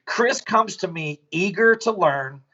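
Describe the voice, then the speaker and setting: A man's voice: sits high, lively intonation, takes it slowly, sharp tone, lo-fi sound. A man, a business owner, talking bluntly and profanely as a podcast guest, telling stories casually.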